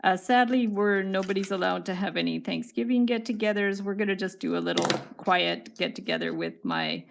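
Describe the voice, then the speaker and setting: A woman's voice: fairly low pitch, creaky, a little hiss or hum. A middle-aged woman, hosting a casual livestream craft tutorial, chatting upbeat with viewers while she works. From Canada. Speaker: wire craft livestream host.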